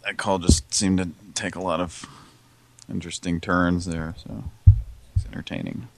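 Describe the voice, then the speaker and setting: A man's voice: low-pitched, fairly even intonation, normal speed, creaky. A man hosting a comedy radio show, chatting wryly between prank calls. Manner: laughing, wry, mumbly. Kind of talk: casual comedic banter.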